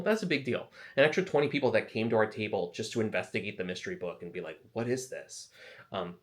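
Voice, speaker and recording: A man talks straight to his viewers as an author handing out practical tips. His delivery is chatty and self-deprecating, full of asides, and his voice bounces around with lively pitch from a medium register. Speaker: author and video host. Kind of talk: casual advice vlog.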